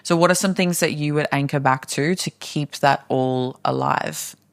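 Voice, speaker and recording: A woman hosting a podcast interview, reflective and a little halting as she talks things through. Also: low-pitched, vocal fry. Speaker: podcast host. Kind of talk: casual interview chat.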